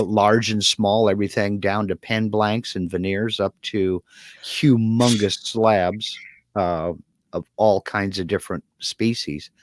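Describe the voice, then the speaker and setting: A man's voice: lowish voice, no echo. A man co-hosting a live stream in a folksy, easygoing way, reading chat comments aloud. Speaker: co-host.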